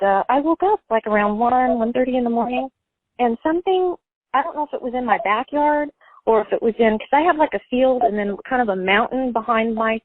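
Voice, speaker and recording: A woman's voice: a little high, dry recording. A woman calls in over a thin, tinny phone line and tells a personal story, wandering from point to point. She leans on "like" and "you know" in nearly every phrase. The sound is dry, with no room around her. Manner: rambling, full of fillers and "like". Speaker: caller.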